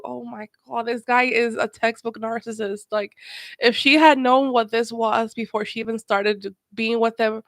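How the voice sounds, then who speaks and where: A woman's voice: fairly high pitch, fairly even intonation, unhurried, fairly bright tone, no room sound. A woman hosting a watch-along, reacting to a documentary with emphatic, repetitive commentary. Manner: emphatic, swearing, repeats words. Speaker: host.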